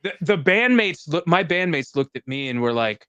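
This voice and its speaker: A man hosting a podcast in casual chat, telling an animated story and swearing freely. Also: fairly high pitch, normal speed, clean tone, no echo, lo-fi sound. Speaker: podcast host.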